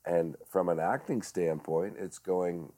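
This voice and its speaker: In a casual podcast conversation, a male director and actor talks earnestly, often restarting sentences and using fillers. His voice is deep, slow, and warm.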